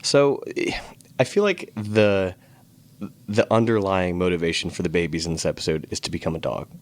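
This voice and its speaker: A man co-hosting a casual podcast, musing in a relaxed way about old cartoons and swearing now and then. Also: sits low, moderate pace. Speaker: podcast co-host. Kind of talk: casual chat recapping cartoons over drinks.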